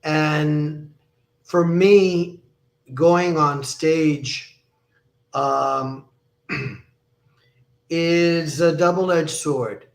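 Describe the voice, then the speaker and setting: A man's voice: fairly high pitch, fairly even intonation, very slow, long pauses. A man who is a recording artist answering interview questions in a thoughtful, hesitant way. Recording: echoey room sound.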